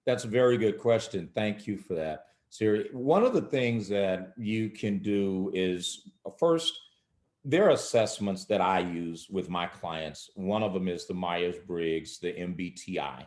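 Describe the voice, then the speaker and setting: Man, low voice, measured teaching tone, roomy echo; guest expert explaining coaching technique with sample lines. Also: lively intonation, a little mellow. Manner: measured, teaching with example phrasings. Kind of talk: instructional interview talk.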